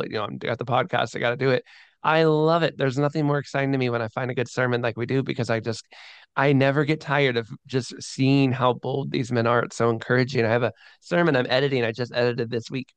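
A man who is a podcast guest, talking eagerly with animated restarts about producing old sermons. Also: mid-range voice, fast talker, smooth, no echo. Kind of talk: enthusiastic interview talk.

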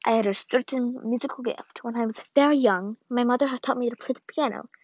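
A woman's voice: a little high, a little mellow, dry recording, natural voice. A woman reading as a solemn old grandmother. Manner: solemn, measured letter reading. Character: old, ailing grandmother writing a grave farewell letter. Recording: dull, lo-fi dry read.

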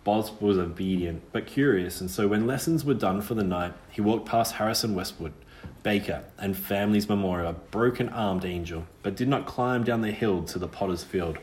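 A man reads a storybook aloud in a measured, expressive manner. His voice sits low. The recording has a roomy, echoey sound. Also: slight background noise. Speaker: audiobook reader. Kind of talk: storybook narration.

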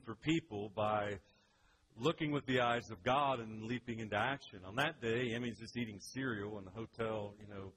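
A man preaching a sermon as pastor, earnest and conversational, slowing down for emphasis. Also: fairly low pitch, noisy background.

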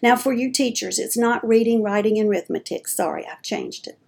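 A woman's voice: medium pitch, a little fast, gravelly, a little mellow, slightly rough. A middle-aged woman giving an earnest, homespun, faith-based personal talk as a dementia advocate. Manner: earnest, homespun storytelling with folksy phrasing.

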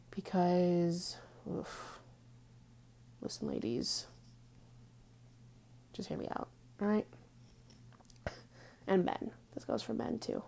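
A woman's voice: fairly low pitch, very animated, slow pace, gravelly, pauses often. Blunt, foul-mouthed young woman venting. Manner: blunt, crude, heavy on "like" fillers; drops to hushed asides now and then. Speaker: vlogger. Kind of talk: casual profane venting monologue.

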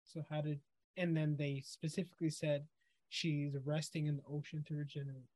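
A man's voice: fairly high pitch, level tone, moderate pace, a little mellow, no room sound. A man co-hosting a podcast, casually recapping an anime episode and acting out the characters' lines as he goes. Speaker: podcast co-host.

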